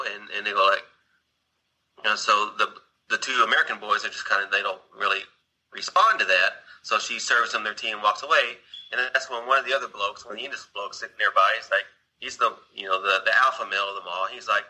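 A man's voice: fairly low pitch, a little fast, sharp tone, husky, low-quality recording. A man casually retelling a film scene, rambling along with restarts and asides to his listener. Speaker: storyteller.

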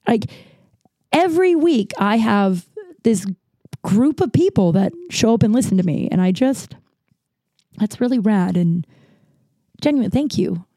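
A young woman hosting a podcast, telling a long story in a casual, rambling way full of fillers and animated asides. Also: medium pitch, measured pace, long pauses, no echo, clean studio sound. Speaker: podcast host.

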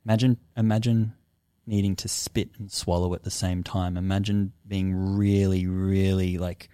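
A man talking as a podcast guest, telling a personal story in a lively, casual way, swearing often and acting out his own past thoughts. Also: deep voice, normal speed, clean tone, no room sound, studio quality.

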